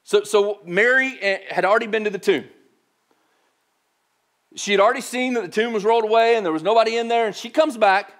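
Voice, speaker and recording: A man's voice: high voice, brisk. A male pastor giving a casual, joking sermon that is full of fillers like "like". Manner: animated, joking, heavy use of "like".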